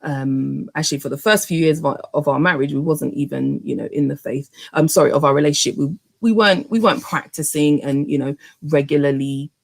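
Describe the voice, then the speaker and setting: Low, gravelly woman telling her story. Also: a little fast, few pauses. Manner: animated, many fillers and restarts. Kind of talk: personal storytelling to camera.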